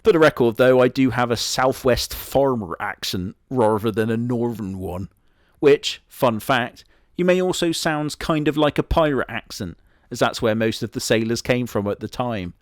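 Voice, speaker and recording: A man playing a deadpan boastful wolf. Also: mid-range voice, moderate pace, no echo, clean studio sound, lightly acted. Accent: Southwest English. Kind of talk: comedy sketch character monologue.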